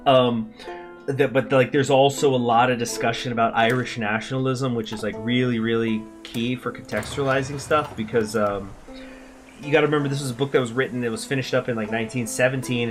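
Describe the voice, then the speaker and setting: Man, gaming host, live strategy game commentary, eager rambling, lots of fillers, mid-range voice. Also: medium pitch. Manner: excited, rambling, many restarts and fillers.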